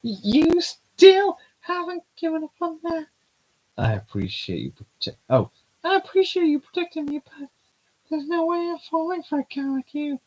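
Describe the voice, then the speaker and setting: A man voicing a feisty young woman in a high squeaky falsetto, reading a comic aloud. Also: very animated, a little slow, exaggerated voice, rough recording. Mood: indignant.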